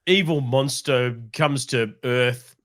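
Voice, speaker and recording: A man's voice: mid-range voice, takes it slowly, a bit bright. A man co-hosting a horror film podcast in casual chat, enthusiastic and swearing freely. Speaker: podcast co-host.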